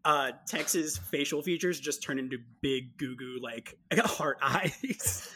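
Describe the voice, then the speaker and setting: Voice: medium pitch, takes it slowly, sharp tone, slight background noise. A player describing their character in a tabletop game, chatty, with many fillers.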